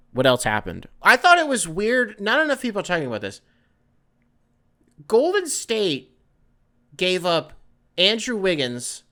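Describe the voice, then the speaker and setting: A man hosting a solo sports podcast, ranting in an animated, exasperated way and swearing freely. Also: on the high side. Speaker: podcast host.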